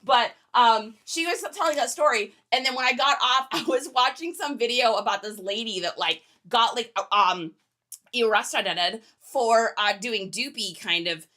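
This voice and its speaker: A woman's voice: on the high side, a little slow, sharp tone. A young woman hosting a casual reselling livestream, chatting and joking with viewers while packing orders. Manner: chatty, joking, reads viewer comments aloud.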